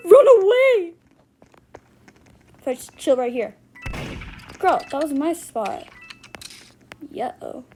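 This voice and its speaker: A woman's voice: high-pitched, takes it slowly, long pauses, warm tone, a little hiss or hum, rough recording. A woman giving dramatic, exclamatory gameplay commentary as she plays. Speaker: gamer.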